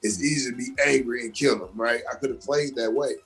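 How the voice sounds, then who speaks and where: A young adult man from Georgia in the US, an actor and comedian guest telling his story with animated emphasis in a casual interview. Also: medium pitch, brisk, breathy edge.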